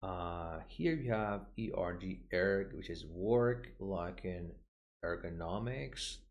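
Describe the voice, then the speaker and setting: A man with a fairly low voice takes an unhurried pace through a vocabulary lesson. He says each key term slowly and often repeats it for pronunciation practice. He pauses with "uh" between points. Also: lo-fi sound. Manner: slow, deliberate, models pronunciation by repeating words; frequent "uh" fillers, points at the page. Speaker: English for medicine teacher. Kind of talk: textbook walkthrough lesson.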